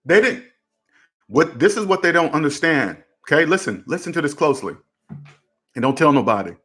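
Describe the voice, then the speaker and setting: A man hosts a personal finance talk, speaking casually but with preachy insistence. His voice sits a bit high, and he hammers each point by saying it twice. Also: expressive, brisk, fairly bright tone, faint music behind. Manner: emphatic and repetitive, preachy, drives points home. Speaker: personal finance channel host. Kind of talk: casual commentary to camera.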